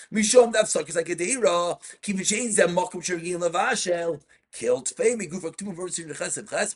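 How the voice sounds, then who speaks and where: A male rabbi leads an in-depth study class on Jewish law. His voice sits fairly high, and he reads Hebrew passages aloud before unpacking them in English. He often cuts in on his students to slow them down.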